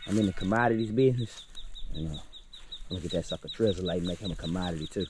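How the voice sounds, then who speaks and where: A man's voice: low voice, fast, noisy background. A man vlogging outdoors as he works, folksy and talking straight to his viewers, often repeating his phrases. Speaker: homestead vlogger. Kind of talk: casual talk to camera while working. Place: outdoors in a yard.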